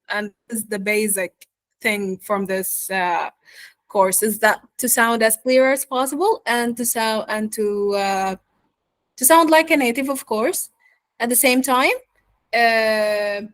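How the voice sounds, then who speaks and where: A woman teaching an online pronunciation lesson, speaking slowly with many fillers and checking in with "yeah?" and "okay?", her first language Arabic. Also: fairly high pitch, fairly bright tone, no echo. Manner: slow, many fillers, asks "yeah?" and "okay?" after points. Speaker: accent teacher.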